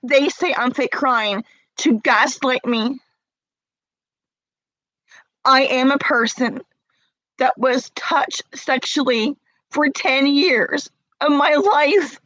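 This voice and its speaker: Tearful, high-voiced woman in her forties. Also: slow, long pauses, no echo, rough recording. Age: 40s. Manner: tearful, confrontational, rising to shouts. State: crying. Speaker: livestreamer addressing her chat. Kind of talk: emotional livestream rant.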